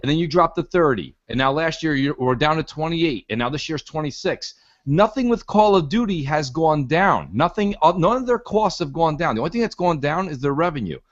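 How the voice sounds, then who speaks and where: A man's voice: fairly high pitch, lively intonation, brisk. A man hosting an opinionated gaming podcast, making his points in an emphatic, lecturing way. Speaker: podcast host. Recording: dull lo-fi podcast audio.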